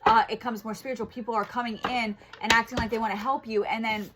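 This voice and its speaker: A woman's voice: on the high side, flat delivery, fast, background noise. A young woman tarot reader giving a casual spiritual reading, blunt and full of swearing, who gets heated. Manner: blunt and profane, grows heated and angry.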